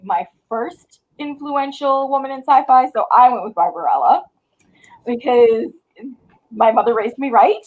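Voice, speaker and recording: High-pitched woman gushing about a sci-fi heroine on a panel, laughs a lot. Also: phone-quality sound. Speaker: convention panelist. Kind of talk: casual panel chat on a video call.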